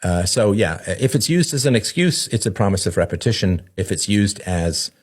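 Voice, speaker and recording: Low-voiced man explaining, asking "right?". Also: lively intonation, normal speed, slightly rough. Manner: conversational, repeats "right?" and acts out quoted voices. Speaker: podcast host. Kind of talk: explanatory monologue.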